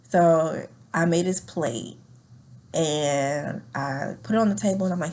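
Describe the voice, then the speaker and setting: A woman's voice: deep voice, moderate pace. Frank woman recounting a painful story. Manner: frank, animated retelling with quoted dialogue and nervous laughs. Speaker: guest telling her story. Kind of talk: candid personal storytelling.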